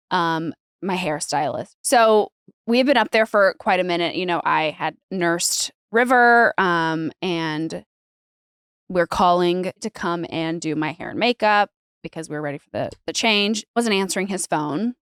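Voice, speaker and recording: A woman's voice: fairly low pitch, measured pace, clear, resonant tone, dry recording, studio quality. Chatty woman telling a story. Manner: animated, swearing, acts out quoted voices. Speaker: podcast guest, bride telling her wedding story. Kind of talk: casual storytelling chat.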